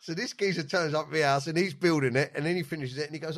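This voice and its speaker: Guy on a podcast, talks fast, swears loads, does little voices for people in his stories. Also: fairly high pitch, a bit bright. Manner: swears a lot, acts out quotes in funny voices. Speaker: podcast host. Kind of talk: casual chat, storytelling.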